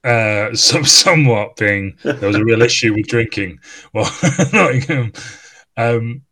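A man's voice: mid-range voice, expressive, measured pace, sharp tone. Laughing man reminiscing on a podcast. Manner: rambling reminiscing, laughs often, swears. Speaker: podcast host, former teammate. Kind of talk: casual podcast chat.

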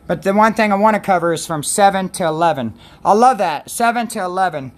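A woman with a lowish voice rambles through a casual devotional chat on a stream. She keeps breaking off and restarting her sentences in a chatty, loose way. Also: fast, few pauses, a little hiss or hum. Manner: rambling, self-interrupting, chatty. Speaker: host of a Christian livestream.

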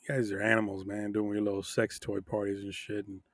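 A man's voice: fairly low pitch, little pitch movement, a little fast, no room sound, clean studio sound. Laughing, profane podcast co-host man. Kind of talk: casual chat.

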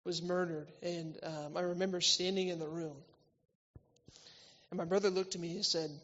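A man preaching a church sermon, swinging between loud, emphatic lines and quiet, intimate ones. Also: sits high, level tone, normal speed. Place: church hall. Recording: reverberant hall, slightly dull sound.

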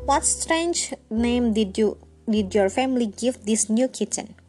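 A prim, kindly little mouse from a bedtime story, voiced by a woman reader. She speaks high and precise, asking questions slowly and carefully. Faint music sits under her voice. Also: lively intonation, warm tone. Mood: cross. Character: trusting kindly female mouse, fussy.

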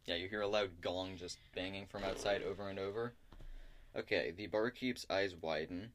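A man's voice: low-pitched, steady tone, moderate pace, a bit bright, a little hiss or hum. A man narrating as game master in a tabletop game, talking casually and hesitantly with lots of fillers. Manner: hesitant, many fillers and likes.

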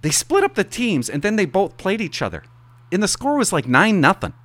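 A middle-aged man, a hockey parent, telling a rambling, animated story in a casual monologue and swearing for emphasis. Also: high-pitched, fairly quick, no room sound.

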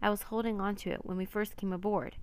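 A woman's voice: medium pitch, flat delivery, quick pace, clear, resonant tone, lightly acted. A woman voicing an eager, adventurous young boy in a storybook reading. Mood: urgent.

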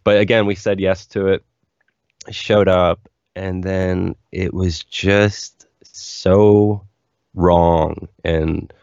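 A young man with a very deep voice and a gravelly, fry-laden texture tells his story candidly, looping through "like" fillers as he goes. The recording is dull, lo-fi and dry. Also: level tone, drawn-out words, darkish tone, no room sound. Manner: rambling, candid, lots of "like" fillers. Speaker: musician guest. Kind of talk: casual interview storytelling.

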